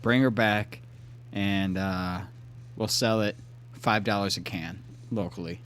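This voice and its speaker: A man co-hosting a podcast in loud, joking, profane banter. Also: on the low side, fairly even intonation, slow pace, clear, resonant tone. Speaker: podcast co-host. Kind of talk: casual chat.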